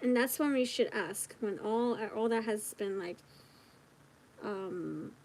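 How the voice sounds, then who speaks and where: A woman giving a casual tarot reading straight to the viewer, chatty and giggly, thinking out loud as she goes. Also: mid-range voice, slow, a little hiss or hum, poor audio. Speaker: tarot reader.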